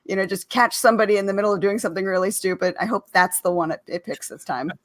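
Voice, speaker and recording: A woman's voice: mid-range voice, quick pace, no echo, clean studio sound. An American woman co-hosting a casual video call chat, playful and giggly. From United States. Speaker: co-host.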